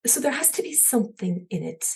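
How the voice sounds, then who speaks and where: A woman with a Cork Irish accent, a podcast guest telling a personal story in an animated way, often laughing lightly and restarting her sentences. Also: on the high side, a little fast, vocal fry, husky. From Cork, Ireland.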